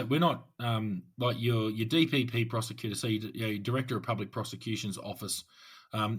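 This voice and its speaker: Husky Australian man telling stories. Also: lowish voice. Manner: animated anecdotes, acts out courtroom voices, swears. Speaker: podcast co-host, police officer. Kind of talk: casual chat, storytelling.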